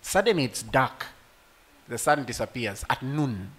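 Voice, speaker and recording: A man preaching a sermon to a congregation, rising to loud emotional peaks and speaking directly to his listeners. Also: mid-range voice, animated, measured pace. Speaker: pastor.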